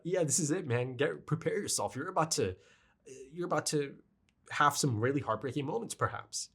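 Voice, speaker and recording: A man's voice: mid-range voice, fairly bright tone. A man giving an emotional, rambling review of an anime episode, choked up and often checking in with his listeners. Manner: emotional, rambling, fond of asking "right?". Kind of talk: casual review monologue.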